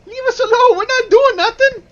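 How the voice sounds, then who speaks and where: Mann spielt ein trotziges Straßenkind. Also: male voice, very high voice, fairly quick, pitched above the performer's own voice. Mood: defiant. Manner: shouting, defensive. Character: defiant frightened street kid. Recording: slightly dull, faint noise.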